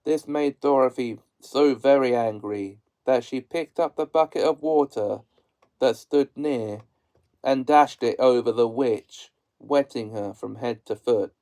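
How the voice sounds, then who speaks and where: Male audiobook narrator, unhurried storybook reading. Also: medium pitch, warm tone, poor audio. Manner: slow, measured storytelling.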